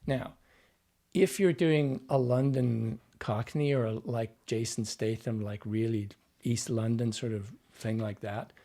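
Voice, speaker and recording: A man's voice: mid-range voice, steady tone, a little slow, dark tone. A man being interviewed as a dialect coach, explaining his craft step by step in a teaching manner. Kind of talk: podcast interview conversation.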